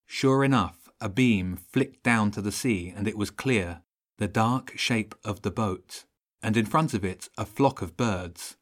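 A man reading a children's audiobook in steady, measured narration. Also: on the low side.

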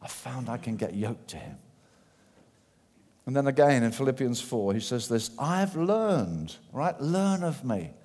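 Male preacher, animated sermon with acted-out quotes, booming into a reverberant hall. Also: measured pace. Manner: animated, acts out quoted voices, shifts from loud to hushed.

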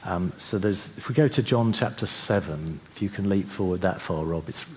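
Man, very low voice, relaxed sermon, soft reflective pauses, faint room hiss. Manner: conversational, with restarts, slowing to soft reflective passages. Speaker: preacher.

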